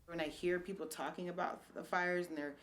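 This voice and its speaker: A woman's voice: fairly low pitch, level tone, fairly quick, fairly bright tone. A woman whose family lost everything in a fire, earnestly asking people to be sensitive. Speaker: fire survivor's family member. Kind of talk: personal account.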